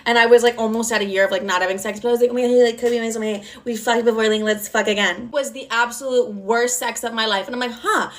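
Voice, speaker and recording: A woman's voice: on the high side, steady tone, fast talker, hardly any pauses. A young woman in her twenties telling a casual storytime vlog, brash and profane, filling her talk with "like". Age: 20s. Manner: brash, profane, chatty with lots of "like". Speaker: storytime creator.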